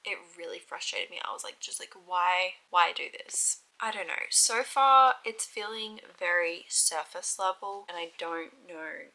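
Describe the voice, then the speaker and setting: A woman's voice: mid-range voice, normal speed, hardly any pauses, sharp tone, poor audio. A young woman chatting frankly in a casual reading vlog, full of "like" fillers. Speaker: book vlogger.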